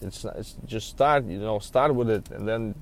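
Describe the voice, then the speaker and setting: Speaking at a measured pace in a lowish voice, a man who sells used cars recounts a story over slight background noise. It's casual and rambling, tinged with frustration and stuffed with "you know" fillers.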